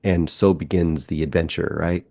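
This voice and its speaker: Deep gravelly guy rambling thru a movie plot on a podcast, dry close sound. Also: steady tone, normal speed, dark tone, no echo. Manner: rambling plot recap with quoted asides. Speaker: podcast film reviewer. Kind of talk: casual movie review chat.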